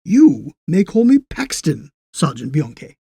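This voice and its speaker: A man's voice: on the high side, wildly swooping pitch, unhurried, gravelly, warm tone, slightly rough, dry recording, exaggerated voice. A man voicing a stout station master in his sixties, speaking formally and dryly. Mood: affable. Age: 60s. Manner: dry, formal and unruffled. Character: old stout railway station master, dry, unflappable.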